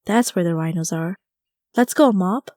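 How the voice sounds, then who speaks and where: An impulsive young witch barks brisk orders at her broom, as a woman narrator puts her on. The voice is mellow and unforced, close to a plain storytelling voice. The recording is dry and close, as in a storybook audiobook. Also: fairly low pitch, no room sound, lightly acted. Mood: bossy.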